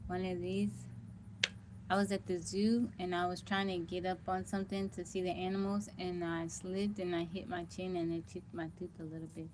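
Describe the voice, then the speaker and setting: A woman's voice: lowish voice, little pitch movement, normal speed, background noise. Tired middle-aged woman chatting on a livestream. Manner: chatty, answers viewer comments by name. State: tired and weak. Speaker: livestream host. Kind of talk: casual livestream chat with viewers. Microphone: phone.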